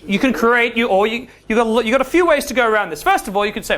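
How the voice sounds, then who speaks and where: A man's voice: very high-pitched, very fast, hardly any pauses. A man, a dating coach giving a seminar talk to a class of men, who keeps checking in with his listeners. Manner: animated, acts out quoted dialogue, keeps checking in with "yeah?".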